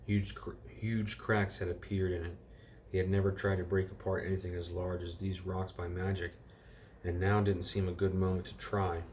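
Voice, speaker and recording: A man with a very deep, low voice reads a storybook chapter aloud to children at home. His delivery is relaxed and informal, and he fixes his own slips as he goes. A faint background noise sits under the reading. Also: normal speed. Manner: relaxed, corrects himself and rereads.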